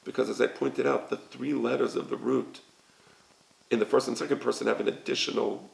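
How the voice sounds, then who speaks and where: Gravelly-voiced man lecturing slowly. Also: mid-range voice, fairly even intonation, reverberant, low-quality recording. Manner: slow, explanatory, repeats "right?" to check understanding. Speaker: teacher. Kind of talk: recorded lecture on grammar.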